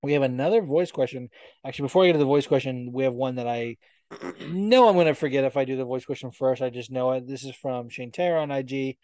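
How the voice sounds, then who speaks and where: A man co-hosting a chatty podcast, talking loosely and swearing freely. His voice is mellow and dark, and the sound is close and dry. He slips into quoted asides as he tells stories. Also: medium pitch, fast talker, dry recording. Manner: swears often, animated storytelling with quoted asides. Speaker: podcast co-host. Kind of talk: casual chat.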